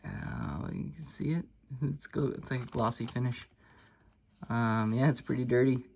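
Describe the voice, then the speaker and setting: A man in his thirties telling childhood stories in a casual vlog, relaxed and rambling, with many fillers and restarts. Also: medium pitch, moderate pace, gravelly, a little hiss or hum. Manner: nostalgic and self-deprecating. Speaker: sports card collector and channel host.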